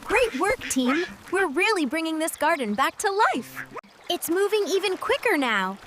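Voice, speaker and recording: A woman voicing a gentle, encouraging cartoon girl. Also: very high-pitched, sing-song, normal speed, slight background noise, exaggerated voice. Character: kind, encouraging young girl. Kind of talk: children's cartoon voice acting.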